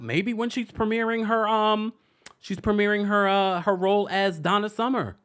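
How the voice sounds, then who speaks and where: A woman hosting a live-stream celebrity gossip recap, hoarse, chatty and laughing often, stopping and restarting her sentences. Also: mid-range voice, normal speed, a crowd in the background, noisy background. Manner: animated, laughing, self-interrupting.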